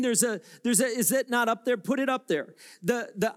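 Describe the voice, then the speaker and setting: A male pastor preaching a sermon, direct and confrontational with listeners, building into impassioned shouts. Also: extremely high pitch, normal speed, few pauses.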